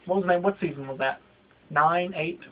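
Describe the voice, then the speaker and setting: A man's voice: fairly high pitch, fairly quick. A young man in his late teens, ranting in a comedic vlog with lots of profanity and exaggeration. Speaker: vlogger. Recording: dull lo-fi home video audio.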